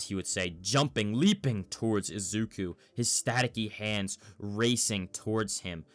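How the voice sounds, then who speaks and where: A man narrating a fan story in a measured storytelling manner. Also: lowish voice, fairly bright tone, dry recording, faint music behind.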